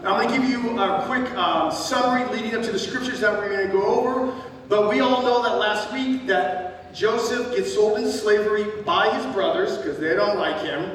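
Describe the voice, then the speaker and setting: A male pastor preaching a sermon, telling the story with lively jokes and asides. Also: very high voice, a little hiss or hum. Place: church hall. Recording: echoey hall from far off.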